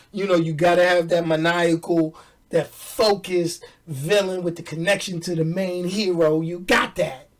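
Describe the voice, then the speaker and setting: A man's voice: high-pitched, recorded from a distance. A man from New York talking casually and animatedly about a movie, joking, laughing often and using street slang. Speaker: movie reviewer. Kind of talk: casual movie review chat.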